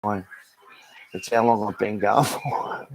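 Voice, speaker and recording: Australian man, rambling live-stream rant, lots of swearing, low-ish voice, faint hiss behind. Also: gravelly, poor audio. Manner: sweary, rambling, full of restarts.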